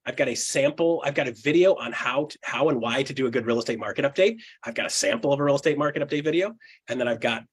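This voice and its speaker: A man leading a live seminar for real estate agents, energetic and blunt, swearing casually, laughing often and checking in with "right?". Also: mid-range voice, fast talker, breathy edge. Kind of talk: live seminar talk to an audience.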